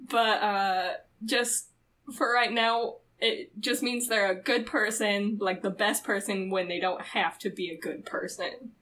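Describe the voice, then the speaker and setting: A woman's voice: mid-range voice, fairly even intonation, measured pace, fairly bright tone. A woman co-hosting a podcast in casual chat, rambling and full of "like", laughing often. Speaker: podcast co-host.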